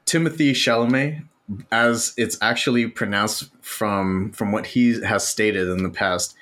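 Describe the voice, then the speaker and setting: A man's voice: on the low side, steady tone, measured pace, fairly bright tone. A man co-hosting a casual podcast about movies, laid-back and slangy, swearing now and then. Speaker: podcast co-host.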